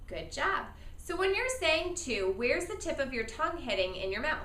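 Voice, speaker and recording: A woman's voice: high-pitched, lively intonation, moderate pace, few pauses, fairly bright tone, recorded from a distance, a little hiss or hum. Upbeat woman teaching beginner saxophone. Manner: patient, encouraging, counts and models for students to echo. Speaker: music teacher.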